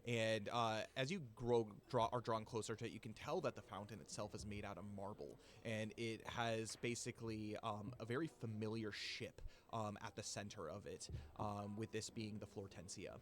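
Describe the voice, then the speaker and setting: A man running a tabletop game as game master, describing scenes in loose, filler-heavy narration and dropping into quick voices for the characters. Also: on the low side, fairly even intonation, a little hiss or hum.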